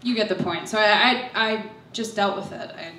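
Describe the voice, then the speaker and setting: A woman's voice: mid-range voice, normal speed, sharp tone, a little hiss or hum. A young woman telling a personal story on stage, nervous and self-deprecating, laughing through her lines. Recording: echoey hall, voice from far off.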